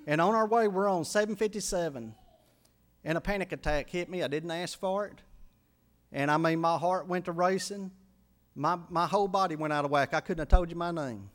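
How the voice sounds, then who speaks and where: Male pastor, middle-aged, high voice, sermon testimony that swells to fervent shouts. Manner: emotional testimony, builds to loud pleading climaxes.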